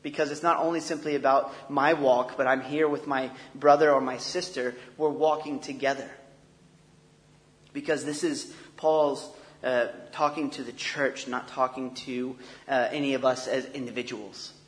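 A man preaches a sermon in an earnest, conversational tone, mid-pitched and plain. His words ring out with a long reverb from a church sanctuary. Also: fairly even intonation, moderate pace. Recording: long echo of a large hall.

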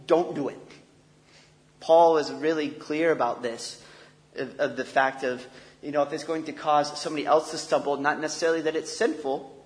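A man preaching a sermon in an earnest, conversational way, often restarting phrases. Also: fairly high pitch. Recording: long echo of a large hall.

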